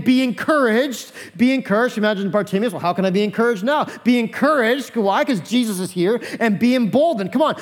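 A man preaching a sermon as pastor, animated, acting out the voices of the figures in his story. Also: high voice, long reverb tail.

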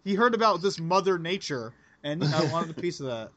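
A man's voice: on the high side, expressive, a little fast, a bit bright, lo-fi sound. A man hosting a casual podcast, joking crudely and laughing often. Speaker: podcast host.

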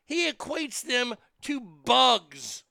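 Swearing guy ranting, high bright voice, smooth but gravelly, dead dry sound. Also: sing-song, very slow, no room sound. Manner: profane, heated, swearing often. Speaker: host. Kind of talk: angry commentary rant.

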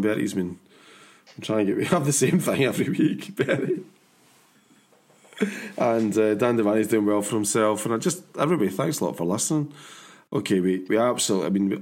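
A Scottish man in his forties hosts a casual podcast chat. His low, husky voice swings widely in pitch as he rambles. He laughs often between his points. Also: darkish tone. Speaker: podcast host.

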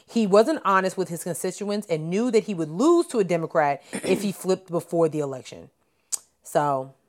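Lower-voiced woman reading news casually. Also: expressive, normal speed, a little mellow. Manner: reads headlines aloud with stumbles and asides. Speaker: podcast co-host.

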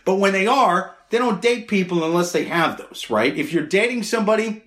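A man with a notably high voice rants through a comedic advice podcast. He swears freely and talks emphatically. He sounds loose and casual. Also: lively intonation, fairly quick, a bit bright. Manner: profane, emphatic ranting. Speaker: podcast co-host.

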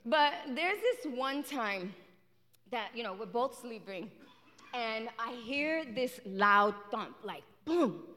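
A woman's voice: fairly high pitch, takes it slowly, slight background noise. A woman in her thirties preaching a sermon in church, telling a personal story with lots of giggles. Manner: warm, giggly, animated storyteller. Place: church sanctuary. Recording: long reverb in a large hall.

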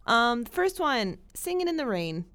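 Woman, co-host, casual chat, bubbly, animated, laughs a lot. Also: a little high, normal speed. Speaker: podcast co-host. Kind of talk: casual chat recommending films.

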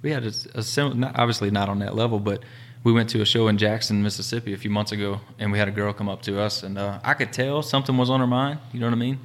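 A laid-back man chats about his business. His voice sits low and stays level, with little rise or fall. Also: fairly even intonation, fast. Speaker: podcast co-host, business owner. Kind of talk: casual chat.

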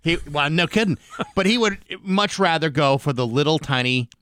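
A man's voice: fairly high pitch, lively intonation, moderate pace, fairly bright tone, smooth, dry recording. Radio guy rambling on air, loose and chatty, dry close mic in the studio. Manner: rambling, chatty, restarts a lot. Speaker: radio morning show host. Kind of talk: casual radio chat.

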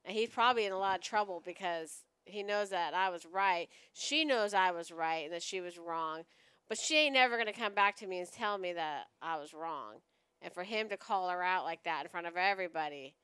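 A woman's voice: fairly low pitch, brisk, a bit bright, clear, resonant tone, no room sound. A woman in casual chat, blunt and matter-of-fact about family matters.

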